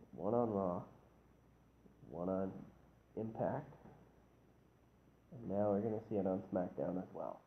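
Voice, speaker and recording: A man getting over a cold, casually rambling through a wrestling review and often correcting himself. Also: fairly low pitch. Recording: tinny phone-like lo-fi audio, faint hiss.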